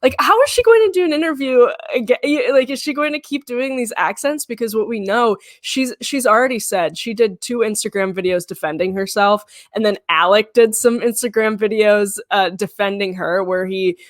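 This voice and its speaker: Animated woman co-host, dry sound. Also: a little high, no room sound. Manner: animated, laughing often, quick. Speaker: culture editor and co-host. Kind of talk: casual political chat.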